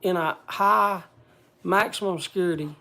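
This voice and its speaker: A man speaking bluntly to a group in casual talk, halting often and restarting his sentences. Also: sits high, creaky, pushed and bright. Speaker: speaker addressing a group gathering.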